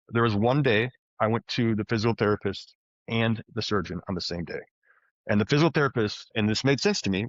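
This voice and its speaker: A man telling his story as a podcast guest, animated and conversational, often restarting his sentences. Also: lowish voice, dry recording. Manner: animated, frequent restarts and fillers. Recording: dull, slightly muffled podcast audio.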